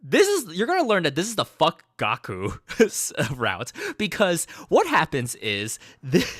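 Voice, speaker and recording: A man giving a casual recap of a game he played, an animated storyteller who swears freely. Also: fairly high pitch, measured pace, dry recording, studio quality. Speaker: gaming streamer.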